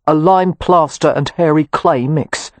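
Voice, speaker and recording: A man's voice: fairly high pitch, unhurried, dry recording. An audiobook narrator voicing a brooding, hostile Romany man who answers in curt, growling retorts.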